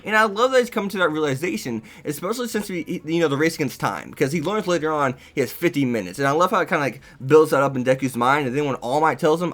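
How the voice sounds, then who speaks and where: A man giving a casual, excited, rambling review of an anime episode, laughing often. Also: on the high side, fast talker, few pauses.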